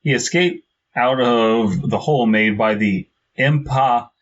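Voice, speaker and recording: A man's voice: mid-range voice, slow. A man co-hosting a horror podcast, joking around and slipping into silly accents while reading a story aloud. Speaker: podcast co-host. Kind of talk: casual comedic chat and story reading. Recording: dull lo-fi podcast mic with faint noise.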